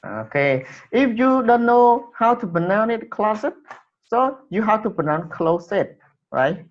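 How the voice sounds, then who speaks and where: Guy teaching english, slow and halting, keeps repeating words, muffled lo-fi audio. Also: sits high, very animated, a little hiss or hum. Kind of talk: classroom English lesson. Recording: dull lo-fi recording.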